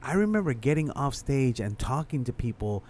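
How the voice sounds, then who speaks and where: A male comedian with a mid-pitched voice who rambles through his point. His talk is casual, profane and full of restarts. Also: sing-song, normal speed, darkish tone. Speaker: stand-up comedian. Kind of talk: casual podcast chat.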